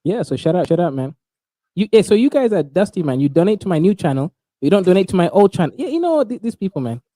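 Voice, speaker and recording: A man's voice: high-pitched, sing-song, fast talker, dark tone, no room sound. A man hosting a casual group call, joking loosely with his guests. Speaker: host.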